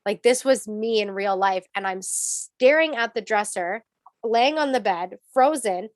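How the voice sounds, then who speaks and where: A woman, a spiritual coach, telling a story in a casual interview, animated, acting out quotes and laughing. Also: medium pitch, unhurried, dry recording.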